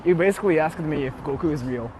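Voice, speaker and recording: A man's voice: fairly high pitch, fast, darkish tone, slight background noise. A young man chatting casually on a stream from a car, reading donations, playful and sweary.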